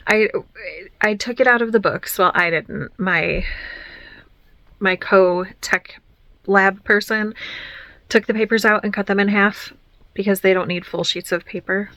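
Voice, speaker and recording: A woman who teaches, talking casually to her camera at home in a chatty, excitable way, trailing off and restarting her sentences and sometimes dropping to a whisper. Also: mid-range voice, a little slow, pauses often, dry recording. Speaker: teacher and vlog host. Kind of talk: casual diary vlog. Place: home room.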